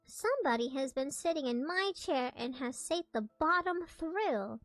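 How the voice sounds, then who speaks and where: A woman voicing a small, shrill bear cub in a storybook reading. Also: expressive, unhurried, a bit bright, no echo. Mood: indignant. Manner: shrill, squeaky.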